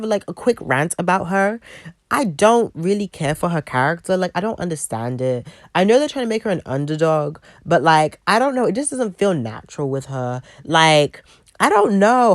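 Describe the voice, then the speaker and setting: A woman's voice: mid-range voice, no room sound, studio quality. A woman giving a casual, profane rant review with a sassy, blunt manner. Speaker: wrestling show reviewer.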